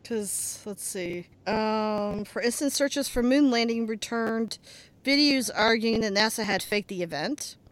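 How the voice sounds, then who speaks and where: A woman's voice: on the high side, unhurried. A woman co-hosting a podcast who chats casually, jokes and asks questions. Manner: joking, chatty, asks questions. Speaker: podcast co-host. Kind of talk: casual chat.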